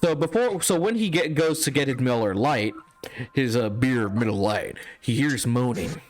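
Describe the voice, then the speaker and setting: Man retelling a movie plot haltingly. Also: medium pitch, animated, faint music behind. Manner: halting, filler-heavy storytelling. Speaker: podcast co-host. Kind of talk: casual chat.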